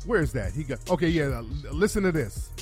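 A man's voice: a little high, sing-song, fast talker, darkish tone, soft background music. A man giving a blunt, heated, profanity-laced reaction commentary as a vlogger.

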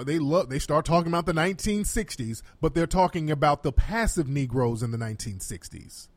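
Male commentator, animated delivery on the high side, emphatic and preachy. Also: a little fast, hardly any pauses, no room sound. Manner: emphatic, preachy, addresses viewers directly. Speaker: political commentator. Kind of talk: reaction commentary to a clip.

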